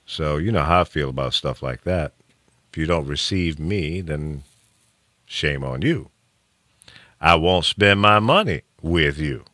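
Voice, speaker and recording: A man hosting a radio talk show in casual, opinionated chat, emphatic and quick to laugh. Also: a bass voice, no room sound, studio quality. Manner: animated, emphatic, laughs often. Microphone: studio mic.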